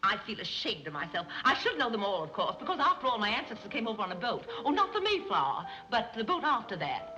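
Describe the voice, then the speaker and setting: An actress playing a scatterbrained wealthy society matron who chatters in a dithery, rambling way, in a 1930s film comedy. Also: female voice, medium pitch, sing-song, quick pace, muffled recording, close to an everyday voice. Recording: scratchy 1930s film soundtrack with music.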